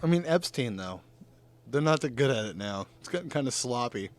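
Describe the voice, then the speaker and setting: Animated, swearing podcast host guy. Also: mid-range voice, fairly quick, slight background noise. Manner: profane, laughs often, animated storyteller. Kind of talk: casual chat. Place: northern California.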